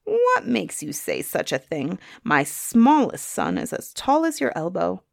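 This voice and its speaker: A woman voicing a thin old hag who orders a girl about in a high, demanding voice. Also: huge pitch swings, a little slow, creaky, no echo, studio quality, heavily acted.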